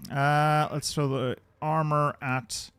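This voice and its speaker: A man hosting a strategy-game video, talking casually, clearing his throat often, and muttering and repeating himself in a self-deprecating way. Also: a little high, level tone, slow, a bit bright, slight background noise. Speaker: gaming video host.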